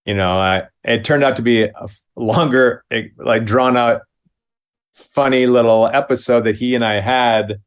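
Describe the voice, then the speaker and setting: Brief: fifties male comic actor from Minnesota, mid-pitched, spinning an animated anecdote with chuckles and acted-out voices. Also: measured pace, smooth. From Minnesota, USA. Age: 50s. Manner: lively anecdote, acts out the other voices with big pitch jumps, chuckles. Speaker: guest, comedy actor. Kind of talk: casual storytelling.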